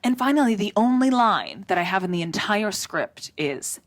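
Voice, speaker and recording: A woman's voice: mid-range voice, normal speed, few pauses, slight background noise. A woman from Russia performing a sarcastic stand-up set on a theatre stage, acting out quotes as she goes. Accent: American-learned English. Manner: lively, sarcastic, acts out quotes. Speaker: stand-up comedian. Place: theatre stage before a laughing audience. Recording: audience laughter clearly audible.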